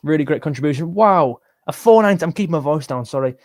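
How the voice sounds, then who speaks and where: Reading viewer comments on his music livestream, a young Englishman sounds tired as he chats casually, rambles, and cuts himself off. His voice is on the higher side and expressive, and his pace is quick.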